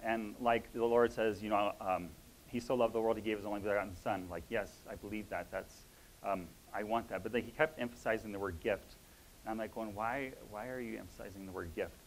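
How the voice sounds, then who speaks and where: A man with a fairly low voice shares a spiritual reflection with a congregation. He talks in a thoughtful, halting way, full of pauses and fillers. A faint hiss sits under the recording. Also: fairly even intonation, poor audio. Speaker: church member sharing a word. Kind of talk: informal sermon sharing.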